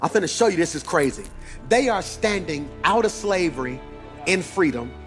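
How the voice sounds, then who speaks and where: A man's voice: on the high side, animated, moderate pace, soft background music. A man preaching a sermon as pastor, moving into a sung cadence and calling out to the congregation.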